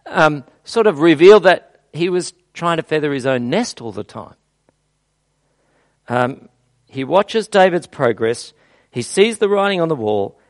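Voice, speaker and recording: A man delivers a conversational sermon, telling the story with animated energy and tossing in rhetorical questions. His pitch moves around a lot. The recording is dry and close. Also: no room sound. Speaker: preacher. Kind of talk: expository sermon.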